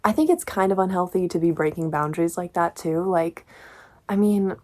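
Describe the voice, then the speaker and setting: A woman's voice: fairly low pitch, steady tone, moderate pace, darkish tone. A woman in her twenties talking casually through a book review, chatty and exasperated, with lots of filler words.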